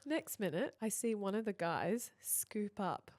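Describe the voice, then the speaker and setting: A woman in her thirties, co-hosting a podcast, tells a story in casual chat, laughing and animated as she acts out what people said. Her voice is medium-pitched and her pace a little slow.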